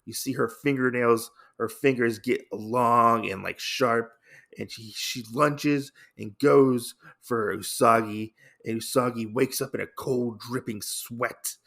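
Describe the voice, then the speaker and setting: Gravelly-voiced male podcast host. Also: mid-range voice, takes it slowly. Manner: relaxed, many filler "uh"s. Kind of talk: casual comic recap.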